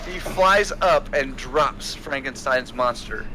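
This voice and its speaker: A man's voice: medium pitch, expressive, takes it slowly, noisy background. A man narrating a tabletop role-playing game as game master, playful and often laughing.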